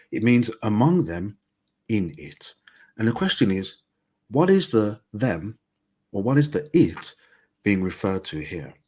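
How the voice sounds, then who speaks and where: Guy teaching mandarin grammar, lowish husky voice, patient and clear, leans on the example phrases. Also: darkish tone. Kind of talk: explaining grammar in a recorded lesson.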